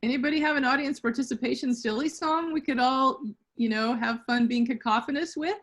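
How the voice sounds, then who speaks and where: A woman with a high voice leads a silly group singalong over a video call. She is playful and keeps coaxing the others to take a turn. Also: a little fast.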